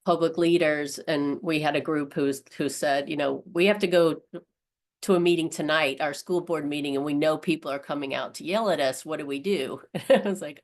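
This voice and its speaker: A woman's voice: sits low, moderate pace. A woman in casual talk, thinking aloud as she goes, with frequent ums and restarts. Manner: many fillers, thoughtful.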